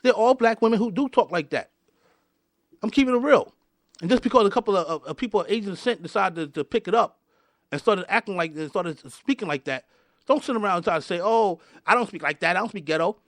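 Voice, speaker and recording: A man's voice: high-pitched, lively intonation, a little fast, no echo. A man hosting a podcast, delivering a fired-up rant and often repeating and restarting his words. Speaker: podcast host.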